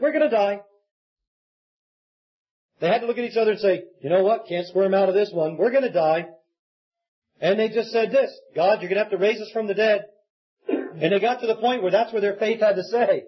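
High-voiced husky man preaching. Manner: earnest preaching, acts out quoted pleas. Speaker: pastor. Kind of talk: sermon. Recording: dull lo-fi recording.

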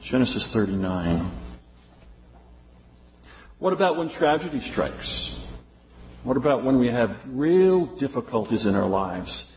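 A man's voice: mid-range voice, very animated, a little slow, pauses often, a little hiss or hum. Male preacher, conversational sermon delivery, echoey hall, muffled recording. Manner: conversational preaching, acts out quoted voices. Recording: roomy, dull lo-fi recording.

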